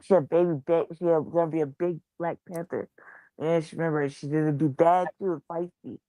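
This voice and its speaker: A woman's voice: low voice, a little fast, no room sound. A woman hosting a casual livestream chat, swearing freely and telling stories with lots of animation. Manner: profane, animated storytelling. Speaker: show host.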